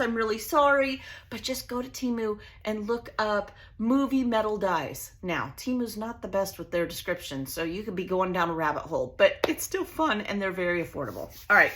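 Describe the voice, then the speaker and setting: A bubbly woman chats her way through a craft tutorial at her home table. Her voice is bright and forceful, and it swings all over the place as she gushes. She sounds casual and friendly, like she is talking to regulars. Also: mid-range voice. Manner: bubbly, chatty, gushing. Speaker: crafting channel host.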